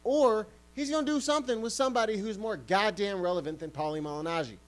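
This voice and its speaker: A man's voice: sits high, fast talker, poor audio. Heated, profane man ranting on a podcast. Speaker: podcast host. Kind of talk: ranting sports commentary podcast.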